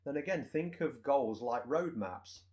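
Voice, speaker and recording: A man's voice: mid-range voice, lively intonation, measured pace, a little mellow. Man explaining in casual chat. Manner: explains with everyday examples, repeats "so again". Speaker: podcast co-host, personal trainer.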